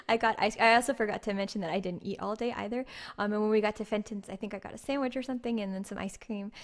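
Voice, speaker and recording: A woman streamer spinning a casual story for her viewers, animated and chatty, with her talk full of filler "like". Her voice sits a little high, and the sound carries a long reverb. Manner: animated, chatty, heavy use of "like".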